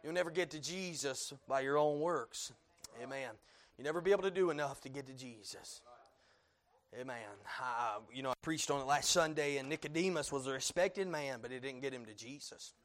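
A man preaches a fairly quick sermon, sinking into hushed, low passages and rising to loud peaks, with frequent amens and uh fillers.

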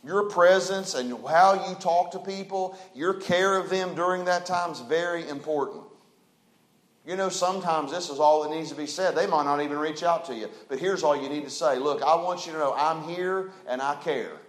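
A man preaches from the pulpit in a high, ringing voice. He builds to loud, drawn-out emphatic phrases. The sound carries the echo of a roomy church. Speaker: pastor. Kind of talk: sermon.

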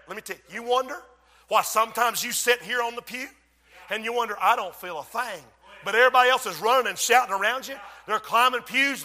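Impassioned high-voiced preacher. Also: male voice, big-room sound. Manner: impassioned, rising to shouts. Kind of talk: sermon. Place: church.

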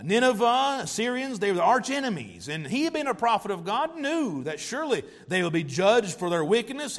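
High-voiced preacher man in a reverberant hall. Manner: emphatic, varying pace and loudness for effect. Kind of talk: sermon.

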